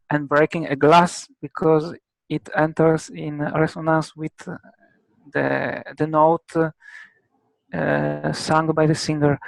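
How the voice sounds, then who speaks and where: Halting Italian-accented man, slow and dry. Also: fairly high pitch, vocal fry, no echo, poor audio. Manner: halting, many filler pauses. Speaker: guest expert. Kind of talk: technical explanation.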